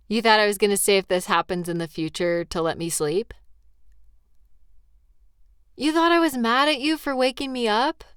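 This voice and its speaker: Woman, sleepy and yawning, reassuring, slow talk, dry close sound. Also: mid-range voice, clean tone, dry recording. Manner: sleepy, reassuring, playful teasing. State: tired, yawning. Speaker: audio role-play performer. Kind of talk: comfort audio role-play.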